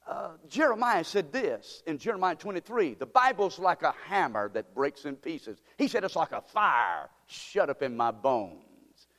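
Here the pastor's voice is a little high and sing-song, unhurried, with a fairly bright tone, as he preaches from the pulpit and throws rhetorical questions at his flock. Long hall reverb fills the church sanctuary.

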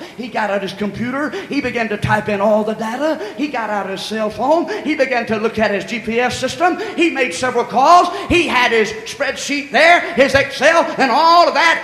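A man's voice: very high-pitched, bright, forceful tone. A male pastor preaching a sermon, telling a story and repeating his points with emphasis. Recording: echoey hall with long reverb.

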